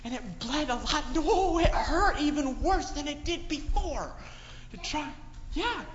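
Speaking a little slowly in an extremely high voice, a man delivers a moral tale to children as part of a sermon. He keeps asking them questions and tells the story with lots of animation, captured in an echoey hall with dull sound and slight noise.

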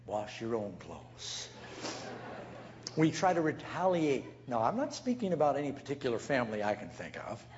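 Guy preaching a sermon, acts out the folks in his stories, kinda muffled audio w/ a low hum. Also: big pitch swings, fast talker, few pauses, darkish tone. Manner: storytelling preacher, acts out quoted people. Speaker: pastor.

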